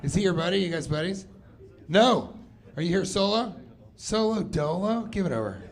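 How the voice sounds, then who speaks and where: A man's voice: high-pitched, expressive, moderate pace. A man doing stand-up crowd work, teasing and laughing as he talks. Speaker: stand-up comedian.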